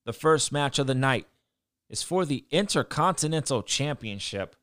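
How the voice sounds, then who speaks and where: A man's voice: medium pitch, animated, normal speed, a bit bright, no room sound, studio quality. A man giving a casual, blunt recap of a show, swearing freely and ranting about what he disliked. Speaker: wrestling show reviewer.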